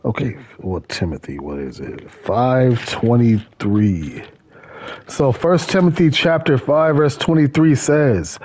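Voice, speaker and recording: A man's voice: medium pitch, animated, takes it slowly, a little mellow. A man hosting a gaming stream, chatting casually and rambling, repeating his words as he goes. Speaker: gaming channel host. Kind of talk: casual chat while gaming.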